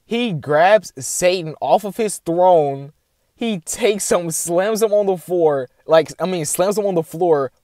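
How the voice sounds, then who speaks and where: A young man talks casually to his viewers, rambling and filling his sentences with constant filler words. His voice sits a little high for a man, and the sound is dry and close with no room echo. He turns excited and animated as he retells the dream. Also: takes it slowly. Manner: rambling, heavy "like" filler, addresses "guys". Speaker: vlogger sharing a dream. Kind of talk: casual chat to camera.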